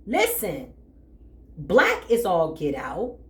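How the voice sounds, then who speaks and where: A woman's voice: medium pitch, huge pitch swings, slow pace, a bit bright, roomy sound. A woman giving a dramatic spiritual tarot reading, talking straight to her viewers in an emphatic, casual way. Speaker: tarot reader.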